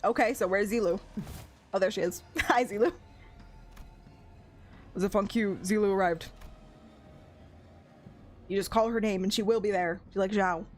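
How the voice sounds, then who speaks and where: A woman's voice: mid-range voice, moderate pace, pauses often, faint music behind. A young woman streaming a game, chatting casually, gushing about the characters and giggling often. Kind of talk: casual gameplay commentary.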